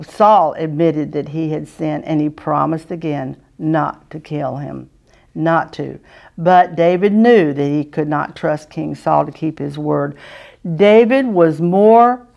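Slow gravelly woman teaching Sunday school. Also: low voice, a little mellow, highs cut off. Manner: patient, asks children questions, clears throat. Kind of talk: children's Bible lesson.

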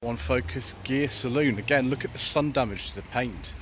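A man's voice: mid-range voice, normal speed, fairly bright tone. Enthusiastic British man spotting cars outdoors. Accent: British English. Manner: enthusiastic, chatty commentary addressing viewers. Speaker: car channel host. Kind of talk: walking car-spotting vlog. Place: outdoors on town streets. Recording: outdoor street noise.

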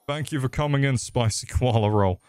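A man's voice: mid-range voice, fairly quick, darkish tone, smooth, dry recording, studio quality. A young man casually commenting on a game he is streaming, profane, rambling and jokey. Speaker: gaming streamer.

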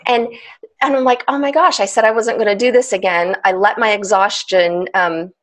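A woman, a trauma specialist explaining ideas as a podcast guest, animated and laughing often. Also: mid-range voice, normal speed. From United States. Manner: animated, laughs often, acts out inner voices.

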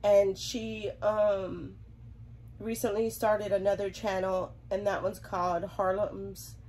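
Southern lady vlogging w a stuffy cold, talks slow, giggles a lot, normal pitch. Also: little pitch movement, darkish tone, slight background noise, low-quality recording. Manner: chatty and giggly. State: congested from a cold. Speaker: reborn doll collector vlogger. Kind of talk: casual chat to camera.

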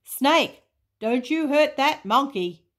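A woman voicing a bold, boisterous jungle animal who talks loudly and lively. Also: high voice, slow, pitched above the performer's own voice, exaggerated voice. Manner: loud, lively, teasing.

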